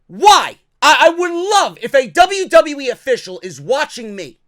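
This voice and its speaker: A man hosting a wrestling commentary show, ranting angrily and profanely and often shouting. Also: very high voice, big pitch swings, unhurried, few pauses, no echo, studio quality.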